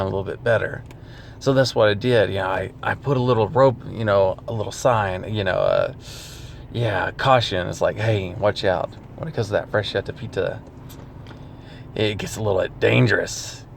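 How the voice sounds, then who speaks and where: A man's voice: fairly low pitch, animated, a little fast, creaky, a little hiss or hum. A man talking casually to camera in a rambling, self-deprecating vlog, laughing often. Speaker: vlogger.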